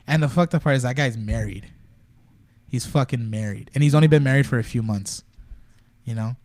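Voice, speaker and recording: A man's voice: medium pitch, fairly quick, darkish tone, dry recording. A young man talking casually on a podcast, telling a rambling, profane story full of fillers. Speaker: podcast guest. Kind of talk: casual chat.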